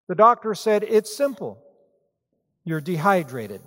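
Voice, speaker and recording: A man's voice: high voice, sing-song, slow pace. A man preaching a sermon, reading scripture and then telling a joke and talking to his congregation. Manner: storytelling, joking with the congregation. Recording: reverberant hall sound.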